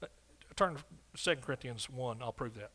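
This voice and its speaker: This is a man preaching as a pastor, his sermon moving from loud declarations to hushed side remarks, with repeated calls for an amen. He has a medium-pitched voice and a brisk pace.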